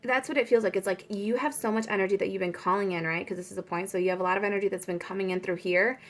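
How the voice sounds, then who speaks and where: Racing along in a steady, mid-range voice, this young tarot reader offers a relaxed spiritual reading. Her talk wanders, is packed with filler words, and stops at points for spoken prayer.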